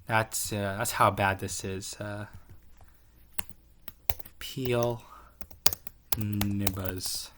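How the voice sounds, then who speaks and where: A man's voice: fairly low pitch, steady tone, drawn-out words, pauses often, fairly bright tone, a little hiss or hum. Give me a rambling, profane guy ranking his online friends. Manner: rambling, profane, lots of fillers and restarts. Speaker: tier list commentator. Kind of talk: casual profane commentary.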